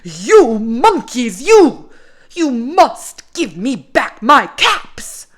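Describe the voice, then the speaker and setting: A woman voicing a short-tempered male cap peddler in a storybook reading, calling out his wares in a sing-song and shouting when angry. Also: very high voice, sing-song, extremely slow, voice pushed up, exaggerated voice.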